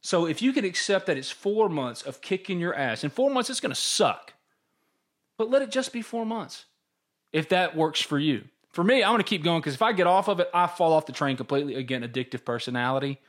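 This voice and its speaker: A man with a fairly high, brisk voice co-hosts a casual sports podcast. He speaks openly and tells animated stories, acting out the voice in his head.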